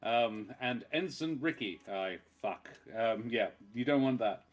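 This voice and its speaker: A man's voice: medium pitch, expressive, measured pace, soft background music. A man, a tabletop game player, chatting casually before a session, rambling and joking and laughing often. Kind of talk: casual pre-game chat.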